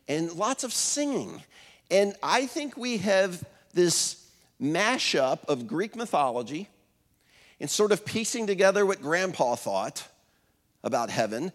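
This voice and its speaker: Conversational pastor in a reverberant hall. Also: male voice, on the high side. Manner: conversational, storytelling with many fillers and restarts. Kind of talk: sermon. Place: church auditorium.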